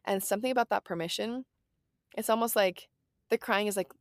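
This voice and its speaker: A woman in her thirties, medium-pitched and fairly quick, chats casually about parenting in a clean studio recording with no echo. She's earnest and reassuring, sprinkling in plenty of "like" and "right?" as she gives advice.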